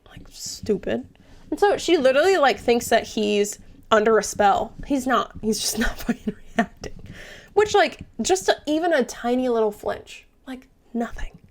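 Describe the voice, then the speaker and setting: A young woman with a fairly high voice recaps a novel's plot. She sounds chatty and casual, swears freely, and drops into quick whispered asides. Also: animated. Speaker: book reviewer.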